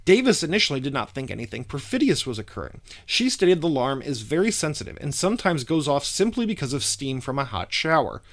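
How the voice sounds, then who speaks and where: A man reading a scripted news report in a measured, formal way. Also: a little high, sing-song. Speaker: reporter narrating a news story.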